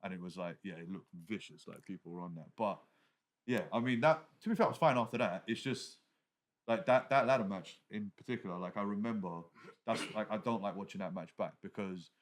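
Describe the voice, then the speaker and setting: A man's voice: lowish voice, fairly quick. A man, a wrestler guest on a podcast, talking in casual chat. He rambles and packs his talk with fillers. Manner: rambling, packed with "like" fillers and restarts.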